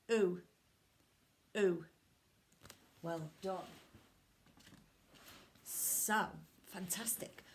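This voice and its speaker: Slow sing-song woman teaching phonics. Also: medium pitch. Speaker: primary school teacher. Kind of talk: phonics lesson to children.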